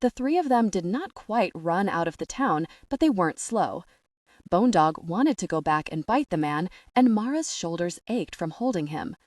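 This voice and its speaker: Lively low-voiced woman narrating a story. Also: normal speed, dry recording, studio quality. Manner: expressive, voices each character. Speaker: audiobook narrator. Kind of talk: scripted narration.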